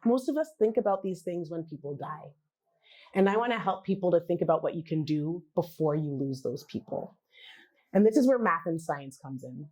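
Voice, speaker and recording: A woman giving a conversational talk at a wellness summit, animated, posing questions to the audience and acting out what other people say. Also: fairly low pitch, moderate pace. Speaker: genealogy practitioner and speaker. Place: summit event.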